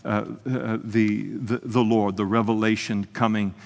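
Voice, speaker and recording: A man preaching an evening sermon in an earnest, conversational way, often pausing with hesitations. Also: on the low side, little pitch movement, creaky, a little mellow, big-room sound. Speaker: pastor. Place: church service, evening.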